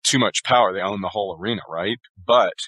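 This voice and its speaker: A man being interviewed as an author, giving long, steady explanations in a conversational interview. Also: lowish voice, fast talker, breathy edge, dry recording, rough recording. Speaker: author guest.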